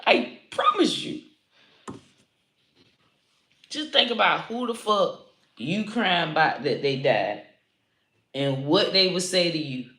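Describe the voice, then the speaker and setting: A woman comedian ranting to camera, loud and profane, swearing freely and laughing at her own jokes. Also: fairly low pitch, sing-song, slow pace, pauses often, roomy sound. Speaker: comedian and online creator. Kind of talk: unscripted profane rant to camera.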